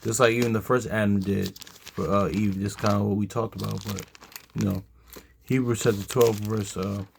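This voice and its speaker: With a fairly low, gravelly voice and fairly even intonation, a weary man leads a casual Bible study at a moderate pace while slight background noise plays. He wanders through his points, uses lots of fillers, and reads verses out loud.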